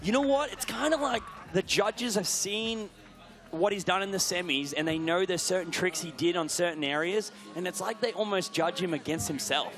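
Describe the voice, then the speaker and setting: A man giving live sports commentary, excitable and bursting into shouts when something big happens. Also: sits high, moderate pace.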